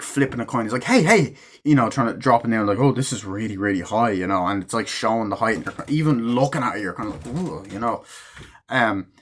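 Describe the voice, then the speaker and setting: Rambling casual man. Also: fairly low pitch. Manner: rambling, full of fillers and casual swearing; acts out characters' lines in quick snippets. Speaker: movie reviewer. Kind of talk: casual spoken review.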